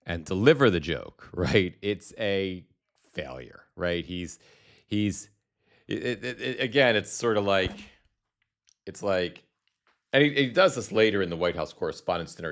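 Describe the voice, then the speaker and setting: Deep, gravelly man rambling on a live stream. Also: a bit bright. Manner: rambling, self-deprecating, many restarts. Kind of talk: casual live-stream commentary.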